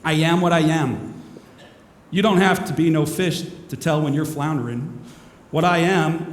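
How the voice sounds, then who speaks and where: A man voicing a gruff, one-eyed, muscular cartoon sailor with slangy, ungrammatical talk, recorded in an echoey hall. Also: on the high side, close to an everyday voice. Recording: echoey hall with faint noise.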